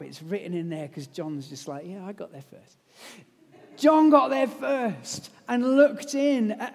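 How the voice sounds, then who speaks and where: A man preaching a lively, conversational sermon that retells a story, with casual asides. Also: sits high. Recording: long hall reverb.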